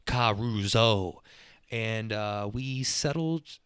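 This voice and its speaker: A young man, hosting a podcast as a rambling, profane monologue that gets louder when he is worked up. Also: fairly low pitch, very slow, smooth, dry recording. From Texas. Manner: profane, loose and excitable, swings up when worked up. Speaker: podcast host.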